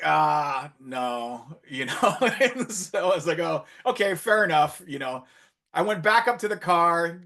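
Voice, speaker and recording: A man, a marine biologist, telling an animated story during an online conference talk, acting out the dialogue as he goes. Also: on the high side. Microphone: video call.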